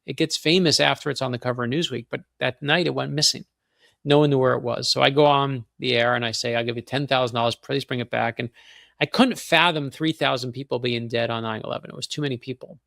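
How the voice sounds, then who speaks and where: A man, a guest on a show, telling a long personal story in a fast, animated way and acting out the other people in it. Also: medium pitch, vocal fry, dry recording, clean studio sound. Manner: excited, fast anecdote with quoted voices. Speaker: guest author.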